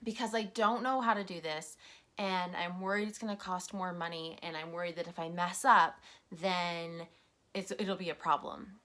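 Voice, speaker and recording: A woman's voice: lowish voice, fairly even intonation, moderate pace, a bit bright. A woman hosting a solo podcast, talking in a candid, conversational, self-reflective way. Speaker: podcast host.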